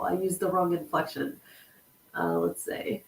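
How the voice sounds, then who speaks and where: A woman's voice: fairly low pitch, huge pitch swings, normal speed, gravelly, a little hiss or hum, rough recording. A woman hosting a casual livestream podcast, giggling as she reads corny jokes from the chat. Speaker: podcast host.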